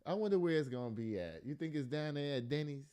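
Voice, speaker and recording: A man's voice: fairly high pitch, expressive, fast talker, dark tone, smooth. A man hosting a casual news podcast, reading stories aloud and breaking off into exasperated, joking asides. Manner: laughs and jokes often. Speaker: podcast host.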